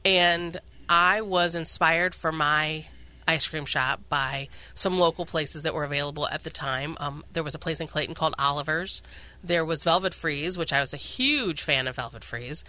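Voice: medium pitch, moderate pace, bright, forceful tone. An ice cream shop owner talking enthusiastically as a guest on a radio show, with many fillers. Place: radio studio.

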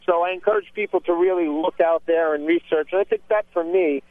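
Male chef guest on call-in radio, slightly high voice, rambling delivery, tinny phone line. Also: brisk, dry recording. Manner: rambling, with many restarts. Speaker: chef and cookbook author guest. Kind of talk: casual radio interview talk.

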